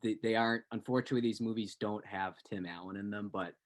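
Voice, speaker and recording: A man's voice: lowish voice, fairly even intonation, quick pace. Laid-back man on a podcast. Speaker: new podcast co-host. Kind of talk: casual podcast chat.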